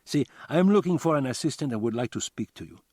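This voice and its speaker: A man voicing a cagey Cuban man with a Cuban accent who poses as a magician and speaks in formal, halting phrases. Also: medium pitch, expressive, a little mellow, no room sound, studio quality, voice pushed up, lightly acted.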